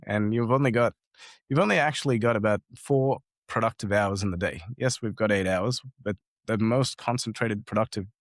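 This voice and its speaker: A man on a video call giving business advice, telling animated stories and acting out the people he quotes. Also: on the low side, normal speed, no room sound, clean studio sound. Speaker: guest entrepreneur. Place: home office with awards on wall.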